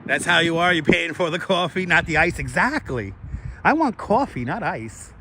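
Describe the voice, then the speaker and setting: Strolling outdoors through the city, a man livestreams casually, chatting and thanking donors. His fairly high voice is animated, pushed and bright at a moderate pace; a wireless lapel mic and gimbal-mounted phone pick up a bit of hiss or hum.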